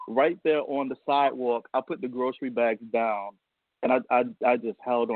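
A man's voice: mid-range voice, fairly even intonation, fairly quick, dry recording. Male guest, heartfelt storyteller, laughs through it, dry tinny phone line. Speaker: guest, a father. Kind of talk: casual radio interview.

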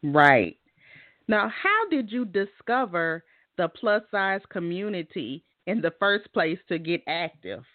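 A woman's voice: fairly low pitch, big pitch swings, takes it slowly, no room sound. A woman hosts a podcast interview, moving from a read-out intro into friendly questions. Her voice comes through dry and thin, like a phone line, with no room sound at all. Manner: reads a scripted intro, then asks questions in a friendly way. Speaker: podcast host.

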